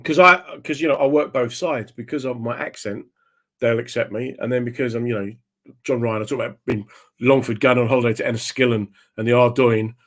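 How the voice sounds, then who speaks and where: A man who is a stand-up comedian, telling comic anecdotes as a guest and slipping into the voices of the people in them. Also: mid-range voice. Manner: animated, slips into voices of the people in his stories.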